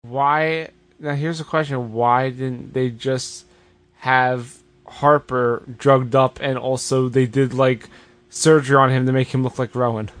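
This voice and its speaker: A man co-hosting a podcast in casual chat, delivering dry, deadpan jokes. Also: mid-range voice, measured pace, no echo. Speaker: podcast co-host.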